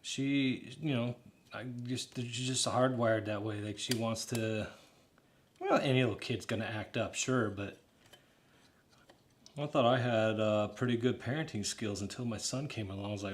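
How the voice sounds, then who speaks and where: A man's voice: mid-range voice, unhurried, a little hiss or hum. A man in his thirties chatting casually while building, rambling and laughing as he talks straight to his viewers. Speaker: hobbyist builder talking to stream chat. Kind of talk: casual live build chat.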